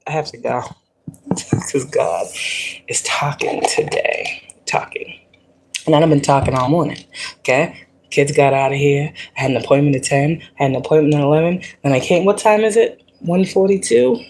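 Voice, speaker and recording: A woman with a low, darkish voice hosts a spiritual livestream, giving a casual pep talk. She is animated, repeats herself, and often bursts into laughter, with a little hiss or hum on the audio.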